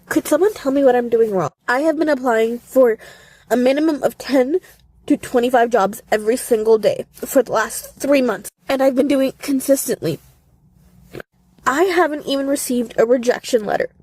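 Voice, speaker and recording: A woman's voice: sits high, normal speed, darkish tone, dry recording, poor audio. A job-seeking woman pleading for answers in a frustrated phone video. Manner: baffled, pleading. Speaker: job seeker. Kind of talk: selfie video vent.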